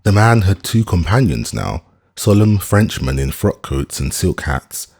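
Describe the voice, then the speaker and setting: Audiobook narrator, male, very deep and slightly husky voice, measured and expressive delivery. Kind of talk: scripted narration.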